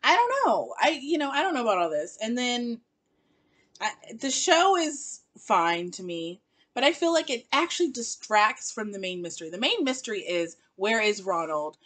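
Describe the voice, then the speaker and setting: Lively, laughing woman reviewing a show. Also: on the high side, moderate pace. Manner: animated, laughing, exasperated asides. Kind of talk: casual vlog review.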